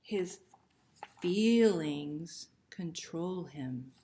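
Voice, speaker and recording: Children's librarian, woman, unhurried storytime reader, soft and gentle, slips into hushed near-whispers, quizzes the kids as she reads. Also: on the low side, lively intonation. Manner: gentle, soft-spoken, talks to children with questions. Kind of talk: reading a picture book aloud to children.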